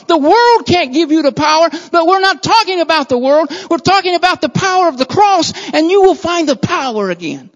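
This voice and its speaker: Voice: very high voice, animated, fairly quick, few pauses, big-room sound. Impassioned preacher on a dull recording. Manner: builds to loud, impassioned repetition, then drops quiet and earnest. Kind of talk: sermon.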